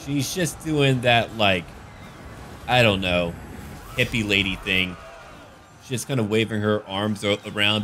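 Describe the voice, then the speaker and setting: A man's voice: lowish voice, measured pace, long pauses, bright, forceful tone, a little hiss or hum. A man giving casual, jokey commentary over a strategy game battle. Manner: goofy, jokey, slips into silly voices. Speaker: gaming YouTuber.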